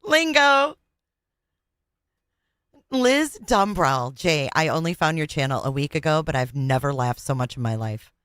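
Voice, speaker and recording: A woman's voice: extremely low pitch, animated, normal speed, hardly any pauses, no room sound. A woman hosting a live reaction stream, amused and playful as she thanks viewers and reads their comments. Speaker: livestream host.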